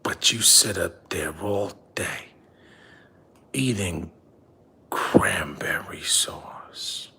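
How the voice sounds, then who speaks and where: A man's voice: fairly low pitch, slight background noise, natural voice. A comedian playing a nagging middle-aged father who drives a bus, scolding his son over and over. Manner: scolding, repetitive, drops to hushed whispers. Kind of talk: comedy character monologue.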